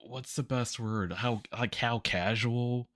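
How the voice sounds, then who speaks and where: A man's voice: medium pitch, takes it slowly, a bit bright, no echo, clean studio sound. A man streaming while drawing, chatting casually about a tabletop game character, rambling with lots of fillers, restarts and laughs.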